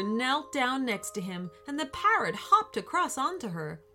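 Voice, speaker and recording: A woman narrating a children's story with an expressive, animated reading. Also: high-pitched, a little slow, hardly any pauses, soft background music.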